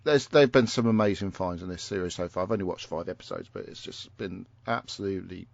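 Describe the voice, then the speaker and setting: Low, rambling man, dry sound. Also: fast talker, creaky, dry recording. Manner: rambling, hesitant, opinionated with many fillers. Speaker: podcast co-host. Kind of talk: casual chat. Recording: dull, muffled recording.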